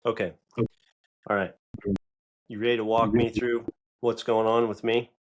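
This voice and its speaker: Deep-ish middle-aged guy hosting a podcast, halting, repeats himself a lot. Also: level tone. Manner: halting, repeats words, self-critical storytelling. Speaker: podcast host. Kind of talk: casual conversation.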